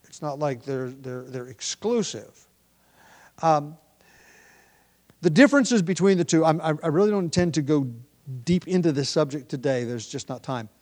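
A man's voice: on the high side, expressive, moderate pace. A man preaching a sermon as pastor, thinking aloud with frequent fillers and restarts. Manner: prays in a hushed, quieter voice.

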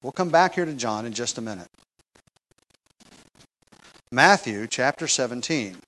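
A man preaching a verse-by-verse sermon, emphatic and slowing down on key words, often asking the congregation rhetorical questions. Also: medium pitch, lively intonation, fairly bright tone, rough recording. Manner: emphatic, slows down for stress. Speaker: pastor. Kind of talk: expository sermon.

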